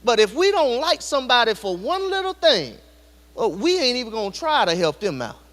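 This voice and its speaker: A man preaches an animated sermon, his voice pitched very high and swinging widely up and down. He keeps speaking straight to the congregation with rhetorical questions. His voice rings out with a long reverb across a church hall. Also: a little fast. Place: church sanctuary.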